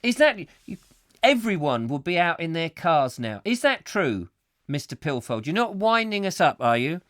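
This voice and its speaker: Lively jokey man ranting on live chat. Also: a little high, normal speed, no echo, clean studio sound. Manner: rambling, jokey, rhetorical questions. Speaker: host. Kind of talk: ranty comic live chat, reading viewer comments.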